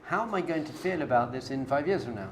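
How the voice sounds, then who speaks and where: Male rabbi, mid pitch, casual direct lecturing style, light background hiss. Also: expressive, quick pace. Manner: conversational, direct, coaching tone with everyday analogies. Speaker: rabbi teaching a class. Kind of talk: informal spoken lecture to a live group.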